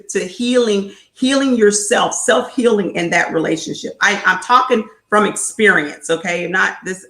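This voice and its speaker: A woman's voice: medium pitch, a bit bright. Emphatic woman coach in an echoey room. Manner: emphatic and repetitive, drives points home with "okay?"; preachy, faith-based encouragement. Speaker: host and life coach. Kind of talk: live motivational talk to viewers.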